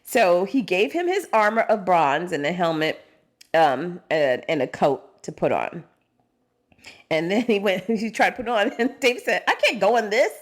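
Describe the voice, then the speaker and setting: A woman with an African American English accent co-hosting a podcast, chatting and reading scripture aloud in a lively, laughing way. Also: fairly low pitch, a little slow. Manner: animated, laughs often, acts out quotes. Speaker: podcast co-host.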